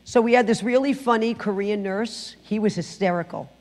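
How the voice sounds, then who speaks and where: A middle-aged woman sharing her personal testimony in church, telling the story with lively acted-out quotes. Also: medium pitch, moderate pace, long reverb tail. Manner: animated storytelling, acting out quotes. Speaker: guest speaker giving testimony. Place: church sanctuary.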